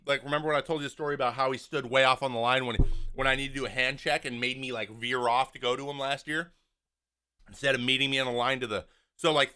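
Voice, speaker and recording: A man hosting a casual talk show, breaking down a game clip, blunt and exasperated, acting out what players say. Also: mid-range voice. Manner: animated, acts out what players say. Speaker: host, former pitcher. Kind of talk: casual video breakdown commentary.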